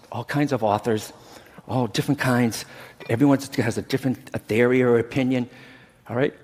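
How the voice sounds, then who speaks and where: Middle-aged guy giving a chatty stage talk, voice swings up and down a lot, big hall reverb. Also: mid-range voice. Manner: chatty, keeps checking in with the crowd. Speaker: medium teaching a workshop. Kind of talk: conference talk to a live audience. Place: large conference hall.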